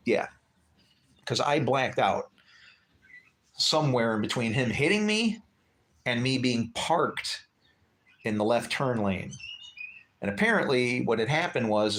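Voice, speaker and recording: A middle-aged man telling a personal story casually on a livestream, animated, acting out the other people's voices. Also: mid-range voice. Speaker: livestream host.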